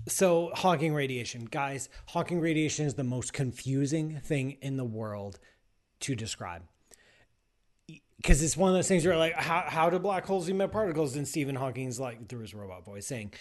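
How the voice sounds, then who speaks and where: A man's voice: a little high, expressive, normal speed. A middle-aged man hosting a podcast, answering listener questions in casual, rambling chat with teasing asides.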